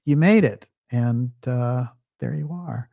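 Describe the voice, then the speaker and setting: Guy hosting a stream, reading out viewer comments, relaxed chatty tone, mid pitch, dry sound. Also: takes it slowly, creaky, dry recording, dull audio. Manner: chatty, reads viewer comments aloud with frequent fillers. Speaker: livestream host. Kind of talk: casual livestream sign-off.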